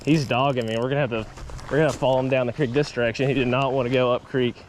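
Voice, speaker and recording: A young man hosting an outdoor fishing vlog by a small creek, excitable and quick to laugh, calling out catches as they happen. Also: mid-range voice, slight background noise. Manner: excitable, laughs often, says dude. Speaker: fishing channel host.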